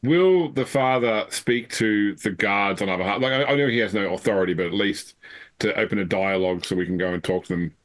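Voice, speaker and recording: A man playing a tabletop game who asks questions in a hesitant, halting way. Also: on the low side, a bit bright. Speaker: player. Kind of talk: casual game chat.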